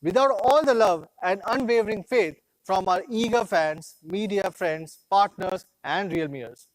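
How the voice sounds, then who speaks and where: A man's voice: high-pitched, unhurried, poor audio. A man, delivering a proud, rallying scripted keynote as a company executive at a product launch.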